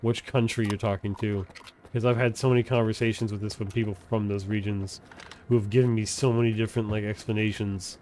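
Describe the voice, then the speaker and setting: A man's voice: on the low side, little pitch movement, a little fast, a little mellow, a little hiss or hum. Male game streamer, casual and profane; rambles, trails off and backtracks mid-sentence. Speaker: live streamer. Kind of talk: casual chat while gaming on stream.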